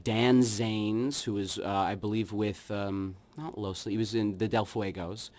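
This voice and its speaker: A man who is a children's musician, chatting as a guest in a radio studio interview, wry and rambling, with his voice often trailing off into quieter asides. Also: on the low side, steady tone, a little slow. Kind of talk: casual radio interview chat.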